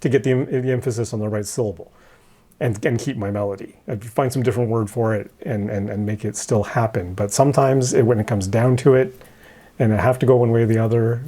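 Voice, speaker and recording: A man's voice: medium pitch, fairly even intonation, dark tone. A man co-hosting a songwriting podcast, talking casually in a roundtable and often restarting and repeating words. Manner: halting, repeats words often, laughs lightly.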